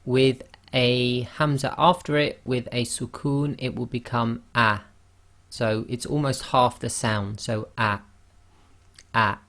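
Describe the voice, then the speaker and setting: Slow, careful male Quran recitation tutor. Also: mid-range voice, fairly even intonation. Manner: slow, careful explanation with drawn-out demonstration sounds. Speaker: Arabic pronunciation teacher. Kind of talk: online lesson.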